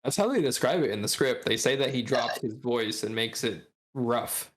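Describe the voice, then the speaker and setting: A man's voice: medium pitch, animated, normal speed. Man reading a script aloud on a podcast. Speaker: podcast co-host.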